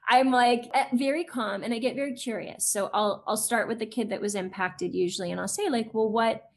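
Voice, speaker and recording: A woman's voice: fairly high pitch, brisk, slight background noise. A woman in her forties talks casually as a guest on an interview show. She is chatty, fills her sentences with little fillers, and slips into other voices when she quotes children. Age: 40s. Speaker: guest, educator.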